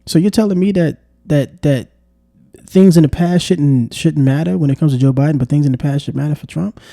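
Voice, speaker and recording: A man talks straight to the camera in a casual, exasperated commentary style. His voice is dark and mellow and sits a bit high for a man. It is recorded close and dry, with no room echo. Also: fairly quick, gravelly. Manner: exasperated, repeats "come on, man". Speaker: vlogger. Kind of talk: casual political commentary monologue.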